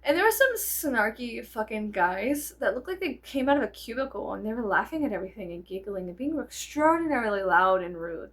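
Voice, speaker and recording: Animated, profane woman with a gravelly voice. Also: fairly high pitch. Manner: animated, profane, digresses with many fillers; laughs often. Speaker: vlogger. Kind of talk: casual storytelling vlog.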